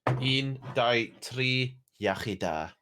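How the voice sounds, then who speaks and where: A man's voice: medium pitch, noisy background. A young British man with a British accent, a player joking and swearing in casual banter. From Britain. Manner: jokey, quick to laugh and swear. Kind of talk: casual banter among friends.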